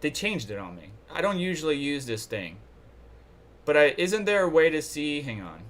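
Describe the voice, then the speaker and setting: A man's voice: a little high, sing-song, normal speed, a bit bright. A man from New York hosting a casual livestream, rambling and thinking aloud while he browses charts and checks chat. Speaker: livestream host.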